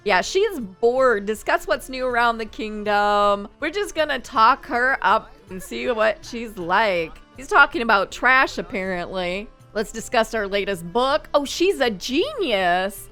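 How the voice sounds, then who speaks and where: A woman's voice: on the high side, expressive, unhurried, few pauses, pushed and bright, soft background music. A woman hosting a gaming channel, chatting and thinking aloud as she plays. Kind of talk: casual Let's Play commentary.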